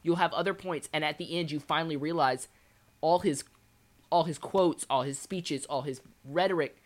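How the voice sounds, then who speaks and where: A man's voice: fairly high pitch, moderate pace. Podcast guy getting really into it, talks in circles, repeats himself as he goes. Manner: passionate and analytical, often repeating words as he builds a point. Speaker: podcast co-host. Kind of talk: casual chat about a video game.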